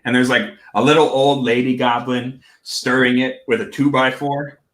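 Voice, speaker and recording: Man, game master, casual and halting, bright voice, echoey room. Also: mid-range voice, flat delivery. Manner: halting, full of fillers and restarts. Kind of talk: narrating a tabletop game.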